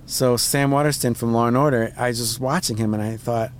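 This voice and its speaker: A man, the guest on a casual podcast, talking in a rambling way and jumping his pitch up when he acts out voices. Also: fairly even intonation, brisk, slight background noise. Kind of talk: casual chat.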